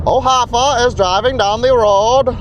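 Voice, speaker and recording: A man's voice: very high voice, a little slow, muffled recording, pitched above the performer's own voice. Man doing an old-timey 1950s announcer. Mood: announcing. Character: 1950s male announcer, slow and grand. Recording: car noise behind.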